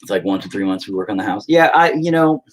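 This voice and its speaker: A man's voice: fairly low pitch, expressive, fast. A man rambling to himself while painting, profane and self-deprecating. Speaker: painter talking to camera. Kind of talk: rambling casual monologue.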